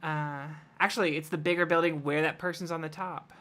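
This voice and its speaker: A woman running a tabletop game, narrating loosely with lots of "like" and "um." Her voice sits low for a woman but sounds very bright and crisp. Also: steady tone, a little fast. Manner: casual, with frequent fillers. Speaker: game master.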